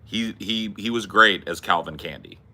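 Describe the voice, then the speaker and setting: A man's voice: lowish voice, normal speed, bright, forceful tone. A man hosting a podcast, rambling casually and bluntly with plenty of swearing. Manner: rambling, profane, blunt movie opinions. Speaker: podcast host. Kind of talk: casual chat.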